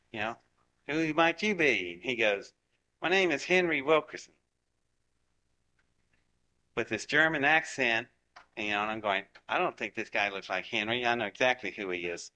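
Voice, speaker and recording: A bright-voiced man in his 70s from Ohio, United States, spins animated anecdotes as a guest storyteller. His voice is mid-range, and he acts out dialogue using lively character voices.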